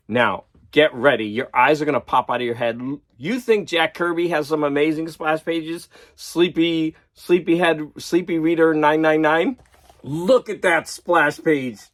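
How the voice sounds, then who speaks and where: A man chatting casually in a vlog, excited and laughing at himself as he geeks out over comics. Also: fairly high pitch. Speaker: vlogger. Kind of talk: casual chat.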